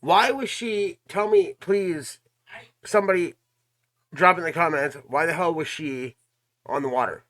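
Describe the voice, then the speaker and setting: Man, reaction host, bright voice, emphatic, casual commentary. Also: a little high, measured pace. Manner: emphatic, asks the audience questions.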